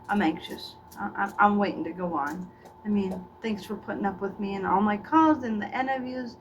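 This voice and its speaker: A woman's voice: a little high, animated, moderate pace. A middle-aged woman doing a rambling, gossipy comedic character monologue, often stumbling into stammered restarts. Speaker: comedian playing a faded former child actor. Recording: distant mic with faint background noise.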